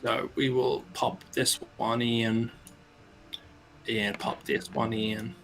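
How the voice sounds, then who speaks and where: A man's voice: medium pitch, little pitch movement, slow pace, fairly bright tone, soft background music. A man narrating scenes and calling for rolls as game master, encouraging the players. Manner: descriptive, encouraging, with fillers.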